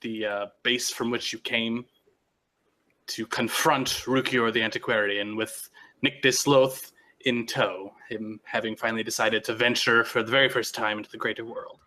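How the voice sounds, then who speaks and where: Game master, man, mid-pitch, bright tone, loose casual narration. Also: flat delivery, normal speed. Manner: loose, filler-heavy narration with restarts.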